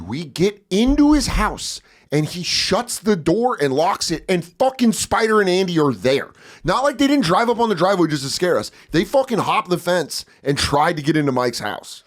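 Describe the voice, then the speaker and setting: A man in his forties telling a story casually as a podcast guest, profane and animated, acting out voices loudly. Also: fairly high pitch.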